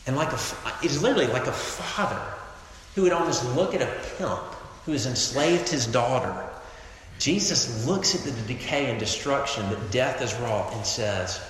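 A man preaching a sermon to a campus crowd, emphatic, swinging between loud declarations and hushed lines. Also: mid-range voice, sing-song, moderate pace, a little hiss or hum. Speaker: pastor. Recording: echoey hall, long reverb.

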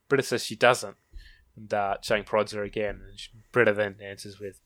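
A man's voice: on the low side, steady tone, a little fast, fairly bright tone. A man hosting a podcast, chatting casually and retelling scenes from an episode. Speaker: podcast host. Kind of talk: casual chat recapping an episode.

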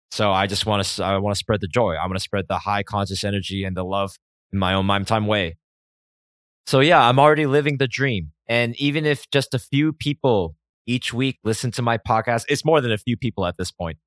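A man's voice: fairly low pitch, a bit bright, dry recording, clean studio sound. A man hosting his own podcast, talking alone in a rambling, self-reflective way with frequent swearing. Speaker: podcast host. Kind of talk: solo podcast monologue.

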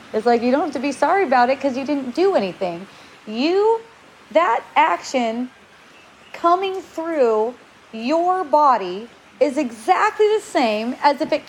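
A woman in her forties telling personal stories in a chatty, animated way, acting out quoted lines and laughing often. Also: high-pitched, unhurried, slight background noise, low-quality recording. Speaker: speaker sharing spiritual experiences. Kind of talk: personal storytelling talk.

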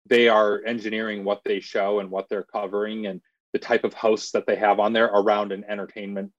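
A journalist guest in a casual interview, a man explaining his views in a measured way. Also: lowish voice, little pitch movement, no room sound, muffled recording.

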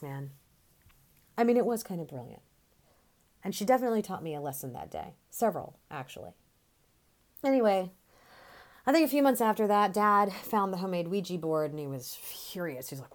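Woman telling a story in an animated way. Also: mid-range voice. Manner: conversational, animated storytelling, casual swearing. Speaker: storyteller in a dramatic monologue. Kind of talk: theatrical monologue.

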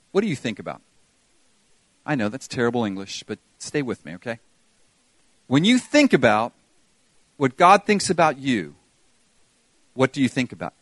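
A man's voice: mid-range voice, no room sound. An older man preaching a sermon as pastor, earnest and pleading, putting questions to his congregation.

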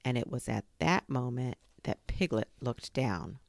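Woman storyteller, children's story read-aloud, low gravelly voice, expressive, dry close sound. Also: measured pace, dry recording. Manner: expressive, dramatic pacing.

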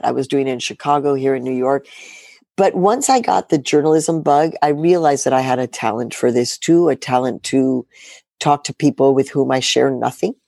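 Her bass voice is gravelly yet warm, recorded at studio quality with no room sound. She's a middle-aged journalist guest in a lively political interview, speaking emphatically, tossing out rhetorical questions and sarcastic remarks.

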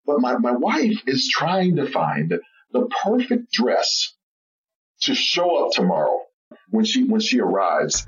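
Guy on a podcast telling a story, lots of ups and downs in his voice, a bit far off and muffled. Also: mid-range voice. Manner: animated, laughing storyteller. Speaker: podcast guest. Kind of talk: storytelling interview chat.

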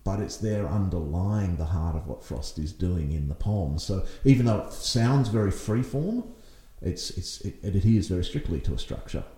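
Podcast host, male, low mellow voice, reflective explainer, roomy echo. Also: animated, moderate pace, few pauses. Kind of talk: casual discussion.

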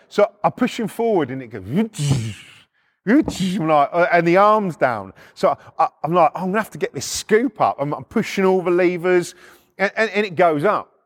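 Animated swearing man telling stories. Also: sits high. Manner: animated, swears constantly, acts out voices. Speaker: podcast storyteller. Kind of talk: casual anecdotal storytelling.

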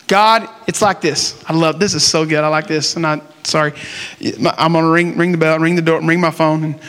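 Man preaching, high voice, conversational and animated, long hall reverb. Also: moderate pace. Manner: conversational, animated, acts out prayers in plain talk. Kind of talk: sermon.

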